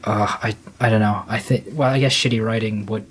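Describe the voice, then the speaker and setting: A man's voice: on the low side, steady tone, brisk, slightly rough. A man co-hosting a casual panel discussion, rambling and swearing with lots of fillers. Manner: profane, rambling, many fillers. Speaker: podcast co-host.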